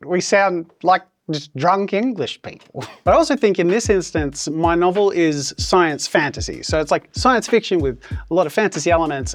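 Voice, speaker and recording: Chatty Australian man, self-deprecating vlogger. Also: on the high side. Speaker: author and YouTuber. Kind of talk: casual vlog talk.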